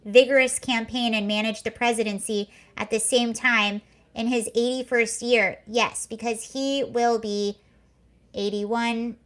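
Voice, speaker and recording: A woman's voice: fairly high pitch, fairly even intonation, a little slow, fairly bright tone. A woman hosting a casual livestream, chatting sarcastically, laughing and reading viewer comments aloud. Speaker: livestream host. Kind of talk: casual chat reacting to clips and comments.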